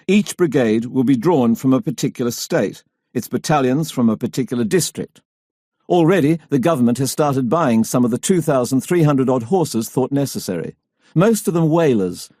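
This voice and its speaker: A male audiobook narrator reading history in a measured, storytelling manner. His voice is mellow and dark at a middle pitch, and the sound is dry and close. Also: dry recording. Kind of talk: scripted narration.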